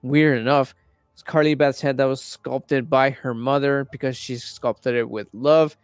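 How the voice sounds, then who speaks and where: A young man in casual chat, rambling and swearing a lot while retelling a story with animated energy. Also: medium pitch, unhurried, clean tone, no echo, studio quality, faint music behind. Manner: acts out quoted characters in raised voices. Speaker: podcast host.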